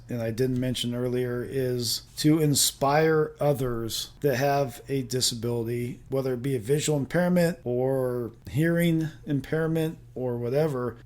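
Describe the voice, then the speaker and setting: A man in his fifties from Southern California with a Southern Californian accent, hosting his own podcast in a relaxed, rambling way and often softening his points with loose hedging words. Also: medium pitch. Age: 50s. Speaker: podcast host. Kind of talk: casual solo podcast talk.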